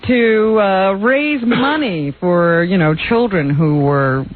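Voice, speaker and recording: A woman's voice: medium pitch, slow. Giggly female radio news co-host. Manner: giggly, chatty. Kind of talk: casual news reading and banter. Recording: lo-fi phone-like radio recording.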